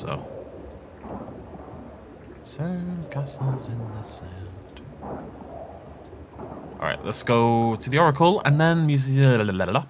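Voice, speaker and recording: A man's voice: mid-range voice, slight background noise. A man giving casual, jokey let's play commentary, rambling through asides and laughing often. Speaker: gaming channel host. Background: game music.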